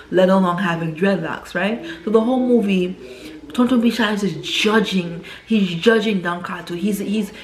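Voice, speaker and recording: A medium-pitched woman reviewing films recaps a plot in a chatty, casual way, often pausing to ask the listener "right?". She's recorded in an echoey room with a little background noise.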